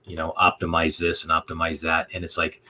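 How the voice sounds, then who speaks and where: A man hosting a casual interview, relaxed and rambling with many fillers. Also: low-pitched, fairly quick, a little hiss or hum. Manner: relaxed, rambling, full of "you know" fillers. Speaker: podcast host.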